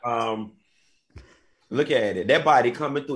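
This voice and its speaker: A man's voice: medium pitch, unhurried, long pauses. Man, co-host, flamboyant, playful, dramatic storyteller, casual talk show chat.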